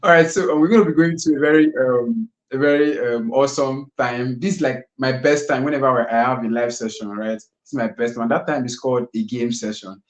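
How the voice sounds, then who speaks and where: A man's voice: medium pitch, fairly even intonation, brisk, few pauses, echoey room, dull audio. A man hosting a live session in a studio, chatty and casual, with lots of fillers and frequent laughter. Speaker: host of a live kids' finance session.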